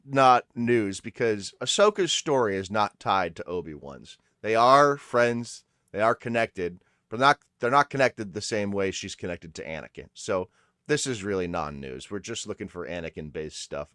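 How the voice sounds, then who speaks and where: A man's voice: on the low side, expressive, moderate pace, a bit bright, smooth, no room sound, clean studio sound. A man co-hosting a casual movie podcast, blunt and opinionated, swearing freely. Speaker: podcast co-host. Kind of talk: casual movie news chat.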